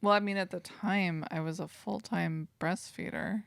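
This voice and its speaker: Gravelly low-voiced woman, laughing co-host. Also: steady tone, moderate pace. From Northern California. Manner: laughs often, joking and self-mocking. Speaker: podcast co-host. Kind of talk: casual chat.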